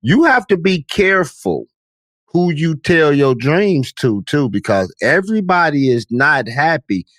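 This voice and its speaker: A man's voice: a little high, sing-song, measured pace, a bit bright, no echo. A man hosting a podcast interview, talking in a preachy way and often checking in with his listener. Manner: preachy, repeats "you know what I'm saying". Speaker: podcast host.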